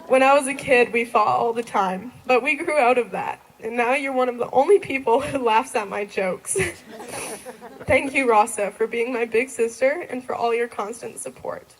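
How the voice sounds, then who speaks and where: A woman's voice: on the high side, unhurried, rough recording. A young woman in her late teens giving a graduation thank-you speech, giggling often between sentences. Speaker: graduating student.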